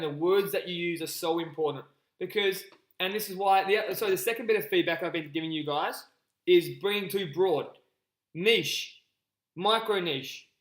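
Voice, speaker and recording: A man coaching a group on a live call, energetic and repetitive, often calling his listeners guys. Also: high voice, reverberant, low-quality recording. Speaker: business coach.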